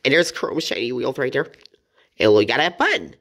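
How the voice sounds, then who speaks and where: Low-voiced woman reviewing toys playfully. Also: animated, moderate pace, noisy background. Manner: playful, chatty, giggles often. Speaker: toy review host. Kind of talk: casual toy review narration.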